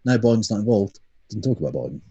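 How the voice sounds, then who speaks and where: A British man co-hosting a casual political chat, sardonic and sweary, with quick asides. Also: on the low side, big pitch swings, dark tone, slightly rough, no echo, muffled recording. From United Kingdom. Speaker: podcast co-host.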